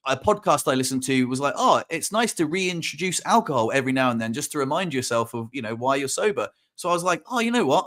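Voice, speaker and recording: A man's voice: a little high, a bit bright. Chatty man, rambling. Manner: rambling, many restarts, acts out quotes. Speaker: podcast host. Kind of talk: casual chat.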